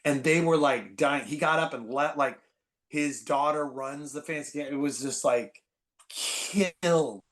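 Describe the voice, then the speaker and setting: A man in his forties from the Bay Area, a podcast guest telling stories in an animated, rambling way full of "like". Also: a little high, moderate pace. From San Francisco Bay Area. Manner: animated, filler-heavy, constant "like". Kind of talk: casual storytelling chat.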